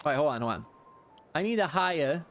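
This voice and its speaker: A young man streaming a game live, loud and excitable and swearing freely as he comments. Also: on the high side, a little fast, faint music behind.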